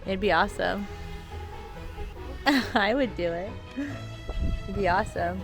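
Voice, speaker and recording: A woman chatting with a friend, excitedly calling out to the dogs and laughing often. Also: medium pitch, unhurried, loud music behind the voice. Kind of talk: casual chat.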